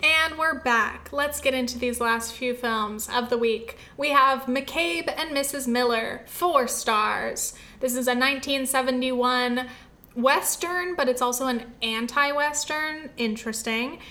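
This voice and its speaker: A chatty young woman talks through her week of films in a loose, rambling way, full of fillers and restarts. Her voice sits a little high and sounds bright and forward. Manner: chatty, rambling, many fillers and self-corrections. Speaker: film review podcaster. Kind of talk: casual film review chat.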